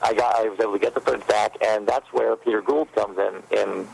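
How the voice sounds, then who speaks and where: A man, a fan filmmaker guest, telling stories in a rambling, animated way during a casual interview, with a gravelly voice. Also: fairly low pitch, fairly quick, rough recording.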